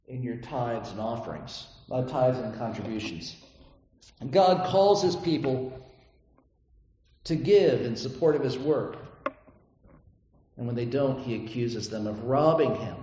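A man's voice: fairly high pitch, darkish tone. Man preaching in a very echoey hall. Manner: earnest preaching with rhetorical questions. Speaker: pastor. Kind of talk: sermon. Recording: echoey hall, dull lo-fi sound.

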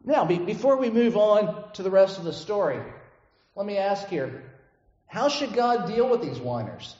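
A man's voice: high voice, sing-song, normal speed, darkish tone. Man, pastor, conversational sermon, frequent "right?" asides, roomy church sound, muffled recording. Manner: conversational, asks the congregation "right?" often. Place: church sanctuary. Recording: echoey church hall, dull lo-fi sound.

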